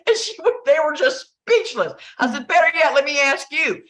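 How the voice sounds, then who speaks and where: A Southern woman in middle age telling a story to friends. Her voice is bright and forward, and she acts out the back-and-forth of the people in it. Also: sits high, a little slow, long pauses. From American South. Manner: animated storyteller acting out dialogue, laughing. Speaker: channel host. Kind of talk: casual storytelling chat.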